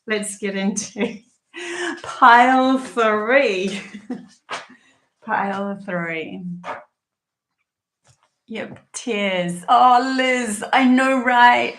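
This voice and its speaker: A woman's voice: lowish voice, fairly bright tone, reverberant. A woman giving a live-streamed tarot reading, chatty and emotional, laughing often between many fillers. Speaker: tarot reader and channeler.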